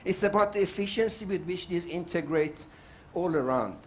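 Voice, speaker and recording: A man's voice: sits high, lively intonation, normal speed, a little hiss or hum. An older man from South Africa speaking at a summit panel, outspoken and emphatic, repeating his points for force. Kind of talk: impassioned summit speech.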